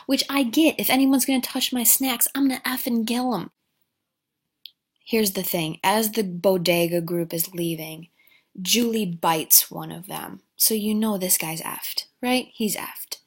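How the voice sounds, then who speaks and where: A woman who recaps a movie at an unhurried pace, piling on deadpan, sarcastic commentary. She swears freely and pauses to mock the plot. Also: medium pitch, husky. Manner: sarcastic, profane, deadpan asides.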